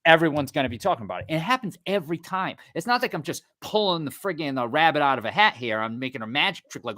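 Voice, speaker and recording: Male podcast co-host, lively pitch, profane storyteller. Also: fast talker, hardly any pauses. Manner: animated, swearing, acting out quotes. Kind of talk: casual podcast chat.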